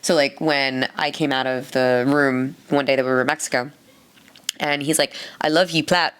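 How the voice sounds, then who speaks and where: A woman's voice: very deep voice, fairly even intonation, moderate pace, a bit bright, smooth. A woman co-hosting a podcast in casual chat, telling stories and acting out other people's lines with frequent laughter. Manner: chatty storyteller, acts out quoted dialogue. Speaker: podcast co-host.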